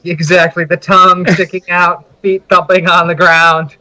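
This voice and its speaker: Bright, dry-sounding man running the game. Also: high-pitched, level tone, normal speed, no echo, rough recording. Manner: comic, vivid scene description. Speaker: game master. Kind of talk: narrating a tabletop game.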